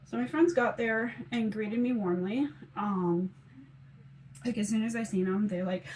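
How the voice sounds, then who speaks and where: A woman's voice: mid-range voice, fairly even intonation, normal speed, a little mellow, a little hiss or hum, poor audio. A woman casually telling a long story about her day, rambling and quoting herself with lots of "I was like". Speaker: mom vlogger.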